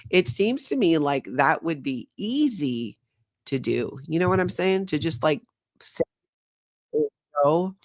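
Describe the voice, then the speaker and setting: A woman hosting a livestream, chatting with viewers and retelling a story in an animated, conversational way. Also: deep voice, dry recording, clean studio sound. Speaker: host. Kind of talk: livestream commentary.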